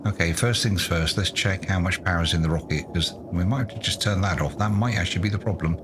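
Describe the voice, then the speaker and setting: Exasperated man, deep voice. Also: fast talker, noisy background. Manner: self-mocking, exasperated, muttering to himself. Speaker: gaming YouTuber. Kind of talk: let's play commentary.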